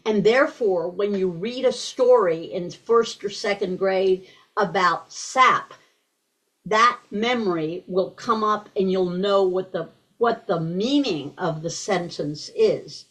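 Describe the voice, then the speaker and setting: A woman giving a talk to a group of parents on early reading, deliberate and repeating key words for emphasis. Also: medium pitch, a bit bright, low-quality recording. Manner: acts out simple phrases parents say to babies. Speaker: guest speaker on early reading.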